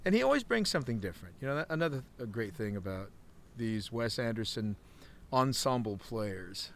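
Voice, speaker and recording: A man's voice: medium pitch, sing-song, brisk, fairly bright tone, a little hiss or hum. A man in a casual podcast film discussion, enthusiastic and talking in long run-on thoughts.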